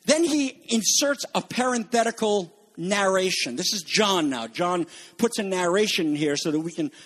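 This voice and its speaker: Male pastor, high voice, emphatic sermon delivery that swells to fervent peaks. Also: lively intonation, moderate pace, fairly bright tone. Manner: addresses congregation as folks.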